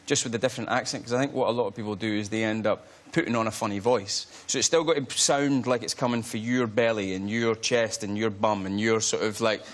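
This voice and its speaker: A man's voice: lowish voice, fairly even intonation, fast talker, hardly any pauses. A Scottish man, a guest actor, chatting casually on a talk show, self-deprecating and laughing as he tells stories. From Scotland.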